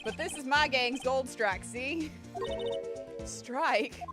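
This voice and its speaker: A woman's voice: high-pitched, slow pace. A woman doing a swaggering Texan cowboy lawman. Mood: threatening. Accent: put-on Texan drawl. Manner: boastful, threatening, folksy slang. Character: swaggering male cowboy detective, brash and folksy. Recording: game music behind.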